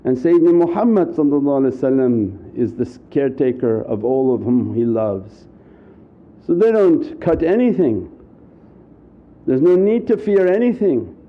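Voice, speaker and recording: A man's voice: mid-range voice, sing-song, moderate pace. A man giving an earnest, repetitive Sufi sermon, sometimes acting out anxious inner voices. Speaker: Sufi preacher. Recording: muffled lo-fi recording.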